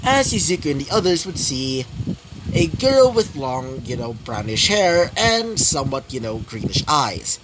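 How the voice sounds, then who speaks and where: A man's voice: on the high side, sing-song, a little slow, noisy background. A young man improvising a fan story, rambling with many fillers and self-corrections. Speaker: story narrator.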